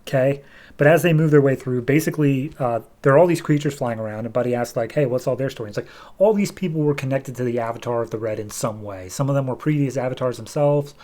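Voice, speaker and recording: A man's voice: mid-range voice, quick pace, darkish tone. Casual young man recapping comics. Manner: loose, filler-heavy, acts out dialogue. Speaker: podcast host.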